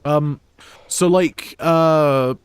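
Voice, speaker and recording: He's a young British man with a fairly high, clean-toned voice who draws out his words while chatting casually over a game. The English accent carries some Scottish flavour, and the talk rambles with many fillers and restarts.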